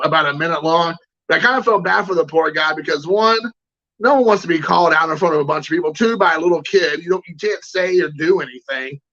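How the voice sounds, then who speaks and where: A man's voice: high-pitched, vocal fry, sharp tone, dull audio. A man hosting a collecting show, telling a rambling anecdote in casual chat and greeting viewers. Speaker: card collecting show host.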